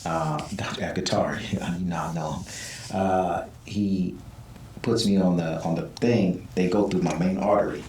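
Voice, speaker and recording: Interview guest, male, low voice, animated storyteller; roomy off-mic sound. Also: normal speed, slight background noise. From Southern California. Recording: echoey room, mic at a distance.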